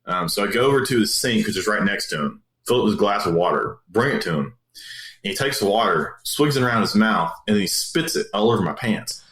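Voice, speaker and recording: A man's voice: lowish voice, expressive, brisk, a bit bright. A man, a police officer, telling a story in a casual, rambling way with many fillers and restarts. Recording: roomy echo.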